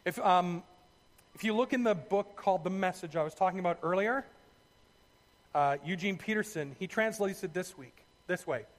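A man preaching a sermon, telling the story in a lively way with asides to his listeners. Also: high voice, normal speed, in a large hall. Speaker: pastor.

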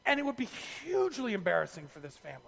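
A man preaching a sermon, telling the story in a lively way with asides to his listeners. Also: sits high, very fast, creaky, long reverb tail. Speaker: pastor.

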